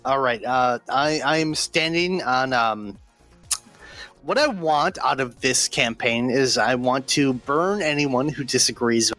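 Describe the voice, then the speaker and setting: A man's voice: mid-range voice, measured pace, bright, forceful tone, faint music behind. A man playing a brash, profane debate candidate who makes mock threats in a joke debate over voice chat.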